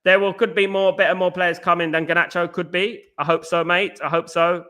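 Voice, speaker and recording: Man, high-pitched, bright, argumentative, live-stream host. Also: brisk. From East London. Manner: animated, argumentative, repeats "at the end of the day"; addresses chatters by name. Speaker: podcast host reading live chat. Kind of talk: casual live-stream commentary.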